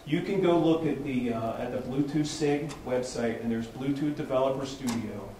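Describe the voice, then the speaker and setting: A man's voice: mid-range voice, moderate pace, warm tone, a little hiss or hum. A man presenting at a tech meetup, explaining casually to a small group with frequent restarts and "right?" checks. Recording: echoey room, distant mic, faint ambience.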